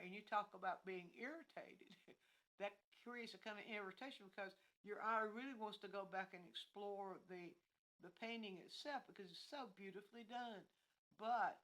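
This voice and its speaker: Woman giving a halting art lesson. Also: mid-range voice, a bit bright, rough recording. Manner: meandering, thinking aloud with many restarts. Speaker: art instructor. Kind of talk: livestreamed painting lesson.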